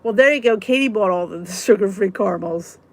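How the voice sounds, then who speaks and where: A chatty woman hosts a relaxed live stream, answering viewers one by one. She giggles easily and keeps an easygoing, talkative flow. Her voice sits at an ordinary middle pitch. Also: fast, no room sound. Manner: giggly, chatty, answers comments as they come. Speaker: weight-loss vlog host.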